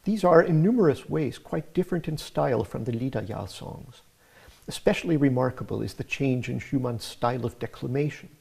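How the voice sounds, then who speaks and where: Guy giving a music lecture, gravelly and kinda husky, calm and explaining step by step. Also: mid-range voice. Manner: measured, explanatory. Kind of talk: scripted academic narration.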